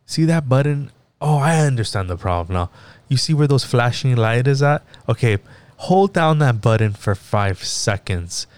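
A man's voice: mid-range voice, expressive, normal speed, smooth, no echo, lightly acted. A man voicing a polite male call-center tech support agent who talks a caller through each step patiently. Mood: instructing. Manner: courteous, patient, step-by-step instructions.

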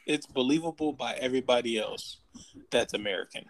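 A man's voice: mid-range voice, fairly quick, crowd noise, poor audio. Man rambling through a hypothetical question. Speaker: podcast co-host. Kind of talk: casual chat.

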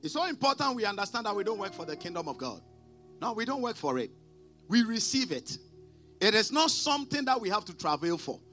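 A man preaching a sermon as pastor, emphatic, calling on the congregation to repeat after him and swinging between loud declarations and quiet asides. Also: sits high, very animated, a little fast, faint music behind. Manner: preaching with call-and-response prompts to the congregation.

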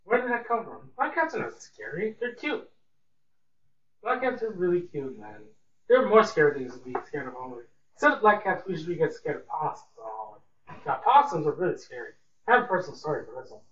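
A man's voice: on the high side, sing-song, fast, fairly bright tone. A young man hosting a casual solo podcast, rambling and repeating words like "really" and "man". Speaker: podcast host. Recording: echoey room, distant mic, dull lo-fi sound, faint hiss.

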